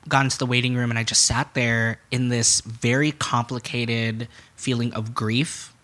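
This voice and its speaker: Frank young man with a bright voice. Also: mid-range voice, little pitch movement, moderate pace. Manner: frank, swears freely, acts out what others said. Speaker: podcast guest. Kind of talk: candid conversational storytelling.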